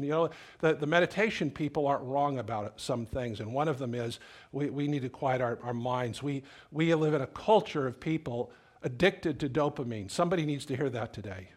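A man's voice: mid-range voice, husky. A middle-aged man preaches a sermon in a loose, conversational way, telling stories and restarting his phrases as he thinks. His voice sits in an ordinary middle register. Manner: conversational, storytelling, repeats words. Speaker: pastor.

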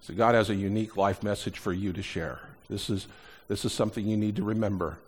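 A middle-aged man preaching a sermon as pastor, animated, swinging between loud emphasis and quieter asides. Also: on the low side, fast talker, slightly rough.

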